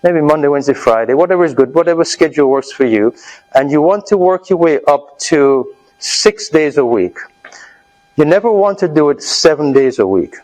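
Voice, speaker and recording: A man with a slightly high voice leading a live health workshop. He talks the room through an exercise step by step and keeps checking that everyone is following. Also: lively intonation, normal speed, low-quality recording. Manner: coaching, urging the audience on loudly. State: out of breath. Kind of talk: live seminar talk with group exercise.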